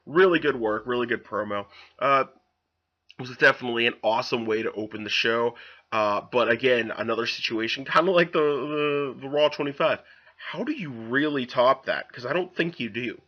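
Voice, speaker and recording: A young man casually recapping a wrestling show, rambling and animated with lots of fillers. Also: mid-range voice, moderate pace, dull audio.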